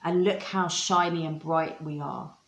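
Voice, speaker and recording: A woman's voice: low-pitched, fairly even intonation, measured pace, a bit bright, echoey room, dull audio. A woman hosting a live oracle card unboxing, gushing and spiritual, greeting viewers by name. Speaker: oracle card reader and livestream host.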